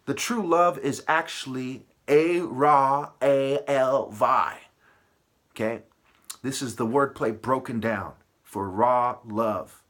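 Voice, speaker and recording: A man's voice: medium pitch, slow pace, fairly bright tone. A man delivering a profane, aggressive, rambling monologue full of rhetorical questions. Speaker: vlogger.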